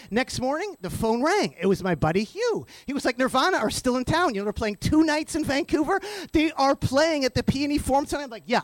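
High, excitable man telling a story. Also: no room sound. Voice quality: high, lively, animated voice that jumps in pitch. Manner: stammering, breathless, acts out voices in the story. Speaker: radio host telling an anecdote. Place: radio studio.

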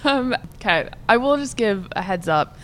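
A young woman hosting a radio show from a studio, chatty and quick to laugh. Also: mid-range voice, lively intonation. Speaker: radio host. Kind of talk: casual radio interview.

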